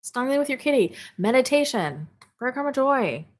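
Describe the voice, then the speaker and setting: A woman's voice: high voice, big pitch swings, normal speed. Bubbly woman hosting a live stream. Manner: bubbly, exclamatory, laughs often and swears casually. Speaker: spirituality livestream host. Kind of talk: casual live-stream chat reading viewer comments. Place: home office.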